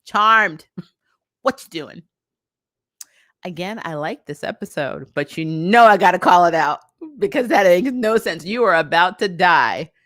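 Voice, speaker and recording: A woman casually reviewing a TV episode, animated and exasperated, laughing between her points. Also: on the low side, normal speed, no room sound, clean studio sound. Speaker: TV review vlogger.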